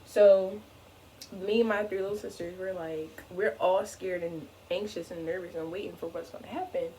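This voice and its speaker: Lively young woman telling a storytime. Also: fairly low pitch, moderate pace, slight background noise, rough recording. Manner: animated, fills speech with "like". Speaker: vlogger. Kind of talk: casual storytime.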